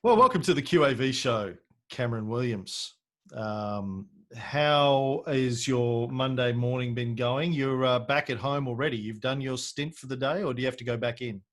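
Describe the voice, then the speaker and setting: A man with an Australian accent hosting a podcast interview in a relaxed, jokey way, swearing casually. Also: medium pitch, moderate pace. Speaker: podcast host.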